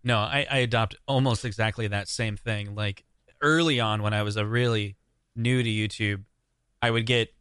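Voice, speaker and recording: A man, a guest on a podcast, chatting casually and telling animated stories that act out what others said. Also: fairly low pitch, moderate pace, clean tone, dry recording. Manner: animated storyteller, acts out quoted comments. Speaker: guest, YouTuber. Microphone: remote recording mic.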